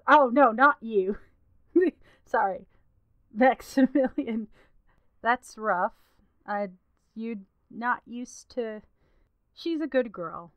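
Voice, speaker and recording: A woman's voice: on the high side, takes it slowly, pauses often, dry recording, highs cut off. A woman voicing a frank, matter-of-fact female alchemist and shopkeeper in a tabletop game.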